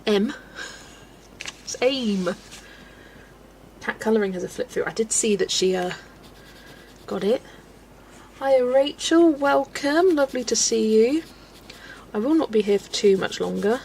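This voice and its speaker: A chatty woman in her forties hosts a casual colouring livestream, with a gravelly edge to her voice. She laughs often and works herself up into playful rants. Faint noise and the sound of pencils on paper sit behind her. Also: on the high side, lively intonation, a little slow, long pauses, darkish tone, poor audio. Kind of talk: casual live-stream chat while colouring.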